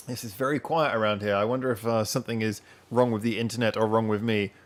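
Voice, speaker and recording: A man hosting a casual live-stream chat from home, rambling and chatting directly to his viewers. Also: on the low side. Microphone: wearing headphones.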